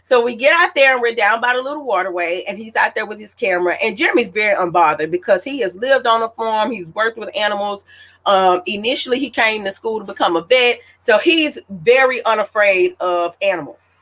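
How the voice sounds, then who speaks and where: Woman, late thirties, author hosting her own event, casual storytelling, animated and chatty, medium pitch. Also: brisk. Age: late 30s. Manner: animated, chatty, addresses listeners as y'all.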